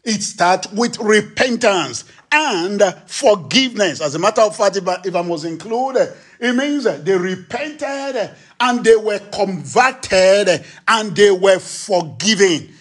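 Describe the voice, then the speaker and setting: A man's voice: sits high, animated, takes it slowly, few pauses, fairly bright tone. A male preacher delivering a sermon, emphatic, asking rhetorical questions and acting out quotes.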